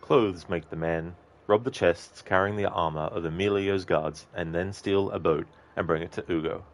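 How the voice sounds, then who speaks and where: A man's voice: low voice, moderate pace. A man streaming a video game, chatting casually and rambling as he answers viewers' messages. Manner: rambling, talkative, answers chat directly. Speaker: gaming streamer. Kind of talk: casual live-stream chat while playing.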